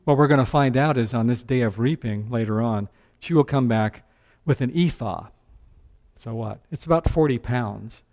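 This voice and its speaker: A man preaching a sermon as pastor, animated, breaking into character voices. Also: medium pitch.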